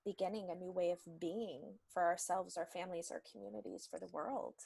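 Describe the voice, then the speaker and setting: A woman who works as a healer, co-hosting a reflective talk in a gentle, heartfelt and thoughtful way. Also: fairly low pitch, fairly even intonation, a little fast, creaky. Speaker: intuitive healer and co-host.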